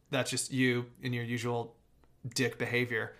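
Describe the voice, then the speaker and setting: A young man co-hosting a casual sports podcast, joking around and running through team news in a lively way. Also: medium pitch, moderate pace. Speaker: podcast co-host.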